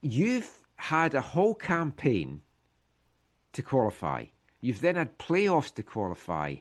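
A man's voice: mid-range voice, wildly swooping pitch, takes it slowly. Blunt man talking football. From Scotland. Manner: opinionated, matter-of-fact football talk. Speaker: co-host. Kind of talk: casual chat.

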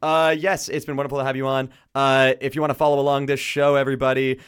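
Man hosting a relaxed campus radio show in the studio, playful and quick to laugh. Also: mid-range voice, smooth. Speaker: radio host. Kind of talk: casual radio chat.

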